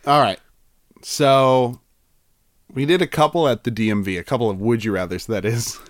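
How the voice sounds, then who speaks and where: A man's voice: mid-range voice, normal speed, dry recording, clean studio sound. A man co-hosting a casual chat, goofy and playful and laughing often. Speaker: podcast co-host.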